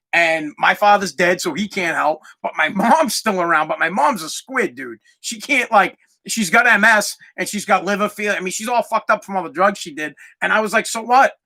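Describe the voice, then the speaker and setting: A man's voice: high voice, sharp tone. A young man hosting a podcast in a rambling, profane, casual monologue, often breaking into laughter. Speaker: podcast host.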